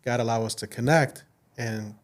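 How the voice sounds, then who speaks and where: A man's voice: mid-range voice, steady tone, moderate pace. A man, a business owner guest, telling personal stories in a casual interview, earnest and full of fillers. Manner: earnest, faith-driven, speaks with restarts and fillers. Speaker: podcast guest, insurance agency owner. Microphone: studio mic.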